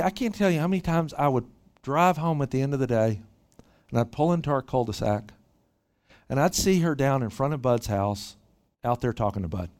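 A man's voice: medium pitch, darkish tone. A middle-aged male pastor giving a sermon, telling a story with lots of repeated word starts as he builds his point. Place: church retreat hall.

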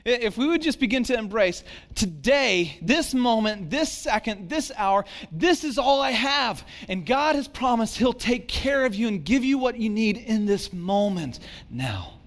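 High-voiced man preaching casually. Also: very animated, unhurried. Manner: conversational, self-deprecating, acts out quoted voices. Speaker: pastor. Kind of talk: sermon.

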